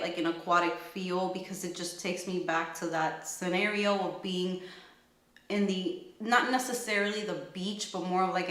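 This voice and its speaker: An echoey room surrounds this fragrance reviewer as she gushes about perfumes, thinking aloud to describe each scent in a casual, enthusiastic way. Her voice is mid-range with a fairly bright tone.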